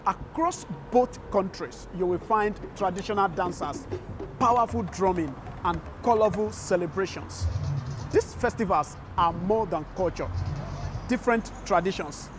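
A woman giving scripted documentary narration in a measured, storytelling way. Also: mid-range voice. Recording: faint music behind. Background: faint music.

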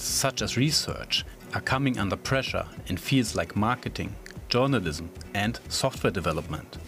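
A man narrating a news report. His delivery is measured and even, with faint music behind. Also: mid-range voice.

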